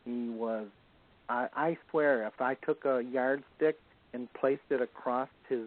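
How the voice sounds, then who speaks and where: A man's voice: mid-range voice, unhurried. A man, a guest on a show, telling anecdotes in a casual way and chuckling now and then. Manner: chuckles while telling stories. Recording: tinny phone-like line.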